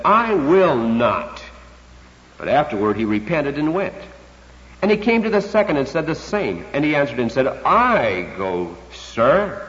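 A man preaching with a very lively, swooping delivery, leaning hard on key words and drawing them out for emphasis. His voice rings with a long reverb tail, as if in a large church, and the recording sounds dull and lo-fi. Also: medium pitch. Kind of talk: expository sermon.

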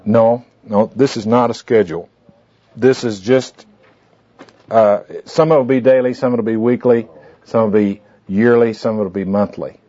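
Low, mellow man teaching a small group. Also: steady tone, moderate pace. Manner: folksy, rambling, with many fillers and asides. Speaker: teacher leading a goal-setting class. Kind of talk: informal classroom talk with anecdotes. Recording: dull lo-fi tape recording.

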